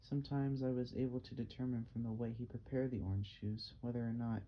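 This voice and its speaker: A man's voice: medium pitch, fairly even intonation, fast talker. A man reading a novel aloud as an amateur audiobook, plain and unpolished with small slips and restarts. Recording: dull lo-fi, faint hiss.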